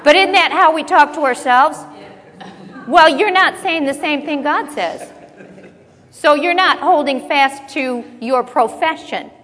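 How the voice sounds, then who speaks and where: A woman preaching a sermon, repeating phrases for emphasis and acting out low muttering. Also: expressive, moderate pace, fairly bright tone. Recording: long hall reverb.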